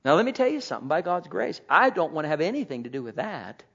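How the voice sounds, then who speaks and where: A man preaching a sermon, swinging between loud proclaiming and quiet asides. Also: on the high side, sing-song, fast talker, vocal fry, breathy edge. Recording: dull lo-fi recording.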